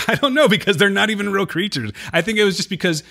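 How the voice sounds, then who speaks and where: A man's voice: high-pitched, fast, gravelly. A man co-hosting a podcast, casually recapping an episode and acting out lines from it. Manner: animated retelling, acts out quotes. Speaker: podcast co-host.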